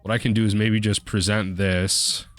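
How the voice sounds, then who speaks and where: Casual male gamer with a lowish voice, narrating his card game with excited bursts, faint music underneath. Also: moderate pace, no echo. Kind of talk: live card game commentary.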